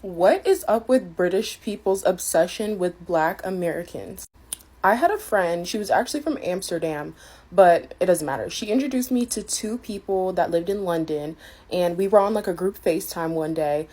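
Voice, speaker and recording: A woman's voice: lowish voice, animated, normal speed, a little mellow. Exasperated woman telling a story. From Caribbean family. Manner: exasperated, indignant. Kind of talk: casual storytime.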